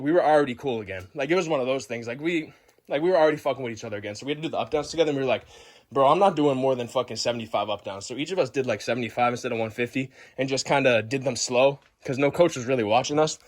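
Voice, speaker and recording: A young man vlogger telling a story in a loud, profane, boisterous way, acting out the scenes as he goes. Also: mid-range voice, racing. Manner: boisterous, swears constantly, acts the story out.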